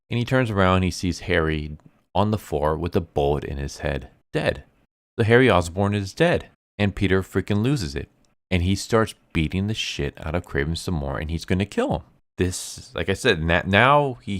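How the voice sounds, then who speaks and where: A man giving a casual, animated comic book review, acting out quoted lines in shifting tones. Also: deep voice, normal speed, no room sound.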